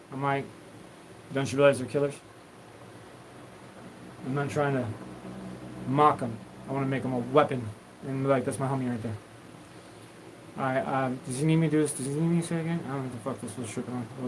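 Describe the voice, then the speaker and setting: A man's voice: mid-range voice, noisy background. A man hosting a live stream, talking in a loose, rambling, profane stream of consciousness. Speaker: livestream host.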